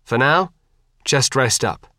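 A steady, practical middle-aged father who explains plans in a dry, even way, as a male narrator reads him. His voice sits at an everyday pitch and is recorded dry and close. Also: slow pace, dry recording. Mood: reassuring.

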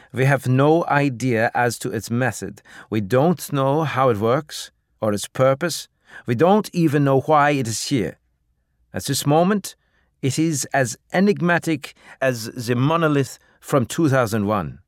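A man reading an audiobook, voicing an official briefing reporters in a raised, slow, emphatic voice. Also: medium pitch, lively intonation, no room sound, studio quality, pitched above the performer's own voice, lightly acted. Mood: grave.

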